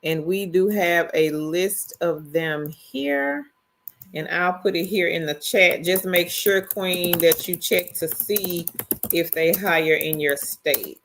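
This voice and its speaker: Middle-aged woman, easygoing livestream host, slow and relaxed delivery. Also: on the low side, slight background noise. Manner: greets viewers one by one, drawn-out and relaxed. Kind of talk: casual livestream chat, reading viewer comments.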